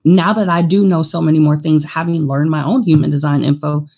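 Woman guest, therapist, gravelly husky voice, frank and casual. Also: low voice, fairly quick. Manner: frank, animated, slips into quoted self-talk. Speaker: therapist and business owner guest. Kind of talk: casual interview talk.

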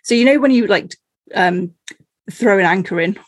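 Chatty woman podcast host, husky. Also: medium pitch, moderate pace, no room sound. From Cornwall, England. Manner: chatty, laughs often, many fillers. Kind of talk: casual conversational interview.

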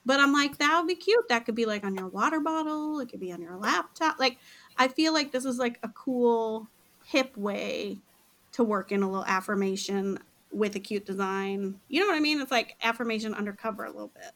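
A woman's voice: fairly high pitch, fairly quick, a bit bright. Chatty, self-mocking woman podcast host. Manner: chatty, self-deprecating, laughs at herself. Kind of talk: casual podcast chat.

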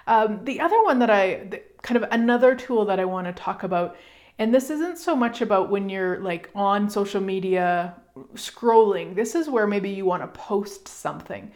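A middle-aged woman hosting a casual self-help talk, chatty and animated, with fillers and emphatic asides. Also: mid-range voice, normal speed. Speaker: podcast host.

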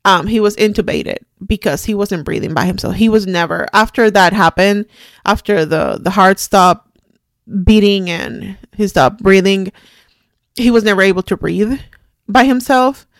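A woman's voice: mid-range voice, no echo. Shaken woman podcast host, dry close mic. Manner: halting, restarts, quiet and shaken. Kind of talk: personal storytelling monologue.

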